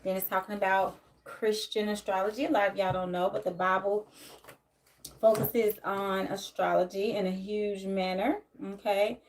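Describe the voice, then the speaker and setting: A woman of middle pitch chats loosely to her live viewers as a tarot reader. She talks from home in a relaxed, rambling way. She greets people by name and drifts between thoughts with easy fillers. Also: normal speed, slight background noise. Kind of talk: casual live-stream chat. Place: home, near a closet.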